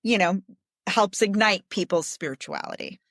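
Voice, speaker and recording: A woman's voice: mid-range voice, moderate pace, no echo, clean studio sound. A woman social worker as a podcast guest, explaining her views in a thoughtful, conversational way. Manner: thoughtful, explanatory, warm laughter. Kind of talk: casual interview.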